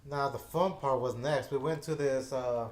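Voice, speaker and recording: A man's voice: mid-range voice, moderate pace, a little mellow. Rambling man telling a story in an echoey room. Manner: rambling, with many fillers and restarts. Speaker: gaming channel host. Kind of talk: casual storytelling chat.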